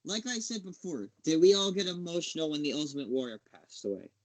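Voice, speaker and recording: A man's voice: fairly high pitch, animated, fast, no room sound, rough recording. A man on a casual podcast chat, speaking emphatically. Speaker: podcast co-host.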